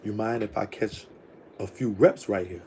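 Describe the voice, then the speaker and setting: A man putting on a smooth young guy's voice, drawling slowly and quietly. The tone is low, warm and relaxed. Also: slight background noise, lightly acted. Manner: slow, low and soft.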